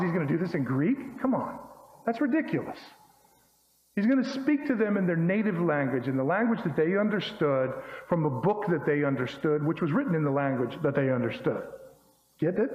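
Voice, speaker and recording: High-voiced man preaching in an echoey hall. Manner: emphatic, folksy, with rhetorical questions. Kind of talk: sermon. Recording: echoey hall, dull lo-fi sound.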